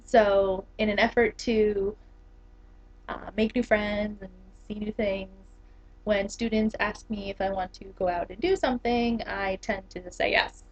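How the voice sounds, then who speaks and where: A woman's voice: mid-range voice, steady tone, unhurried, a little hiss or hum. A young woman in her twenties, an English teacher, chatting casually to the camera with lots of fillers and laughs. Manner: chatty, giggly, many fillers. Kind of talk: casual vlog talk. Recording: dull lo-fi camera audio.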